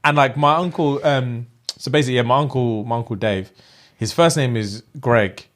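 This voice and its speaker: A young man, co-hosting a podcast in casual, slangy banter. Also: normal speed. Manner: animated, slangy, jumps into high mock voices. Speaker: podcast co-host.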